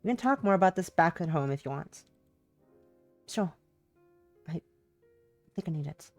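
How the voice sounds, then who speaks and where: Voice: mid-range voice, lively intonation, normal speed, no room sound, soft background music. A streamer reading a visual novel's dialogue aloud during a live stream, teary and emotional, breaking into swearing outbursts between lines.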